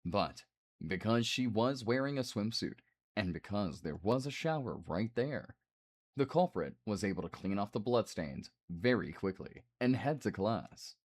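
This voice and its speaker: A man streaming a game, reading the dialogue aloud and breaking off for quick asides. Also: fairly low pitch, lively intonation. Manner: reads the game's lines aloud with asides.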